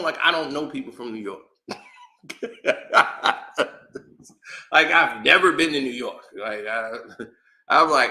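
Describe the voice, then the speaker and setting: A man's voice: on the high side, expressive, takes it slowly, long pauses, pushed and bright. A man hosting his own commentary channel, ranting in a casual, exasperated way with slang and frequent laughs. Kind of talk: casual opinion rant.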